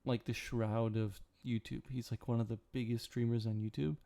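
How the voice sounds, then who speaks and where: A man's voice: mid-range voice, level tone, moderate pace, creaky, mellow. A young man, sleepy, rambling and joking with his chat during a casual late-night stream. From Canada.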